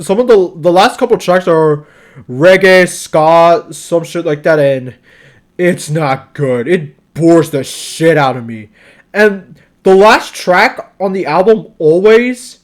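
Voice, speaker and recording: Young man, high-pitched voice, casual spoken review, exasperated, rambling, swears a lot. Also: a little mellow. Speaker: album reviewer.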